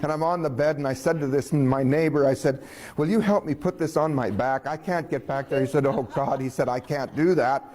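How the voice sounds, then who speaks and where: A man's voice: a little high, brisk, slight background noise. A man telling a personal story in a folksy way, chuckling and acting out what others said. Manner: folksy, chuckling, quoting others in lively voices.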